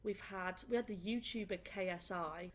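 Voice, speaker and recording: Young northern english woman rattling off stories in an interview, animated and giggly, bit of room noise. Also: medium pitch, normal speed. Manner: chatty, laughing, animated storyteller. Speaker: comedian guest. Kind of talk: casual interview chat. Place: indoor room.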